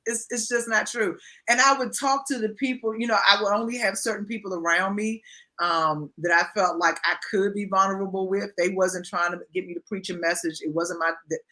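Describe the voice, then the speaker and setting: A woman in her fifties speaks as a pastor being interviewed, talking candidly and with strong emphasis. Her voice has a bright, forward tone. She often repeats phrases to drive a point home. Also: medium pitch, steady tone, a little fast. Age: 50s.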